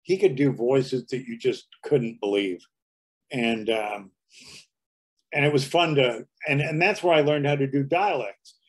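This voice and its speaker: A man in his seventies speaks in an unhurried, mid-range voice with a breathy edge. He's a guest comedian in a casual interview, telling anecdotes and slipping into dialect impressions.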